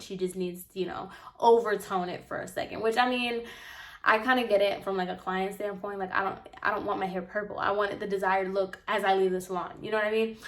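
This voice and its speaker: A young woman vlogger and apprentice hairstylist telling a casual story, talking fast and loose with lots of "like", sounding exasperated. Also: mid-range voice, fairly bright tone. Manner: chatty, exasperated, heavy use of "like".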